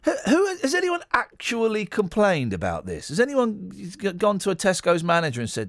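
A man hosting a radio talk show from a studio mic, rambling and teasing in an animated way. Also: high voice, normal speed, hardly any pauses, no room sound. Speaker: radio host.

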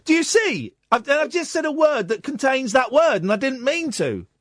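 A man in his forties hosts a late-night radio show, his pitch leaping about as he rambles along wryly and pokes fun at himself. The studio sound is close and dry. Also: very animated, normal speed, a bit bright, no echo. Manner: wry, rambling, self-mocking. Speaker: radio talk show host.

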